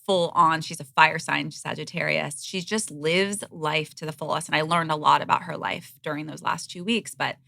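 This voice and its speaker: A woman in her thirties talking openly and bluntly as a podcast guest. Her voice is bright and edged with vocal fry, in a dry, close studio sound. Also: deep voice, fairly even intonation, moderate pace, hardly any pauses, no room sound. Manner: open, frank, occasionally blunt. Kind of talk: candid conversational interview.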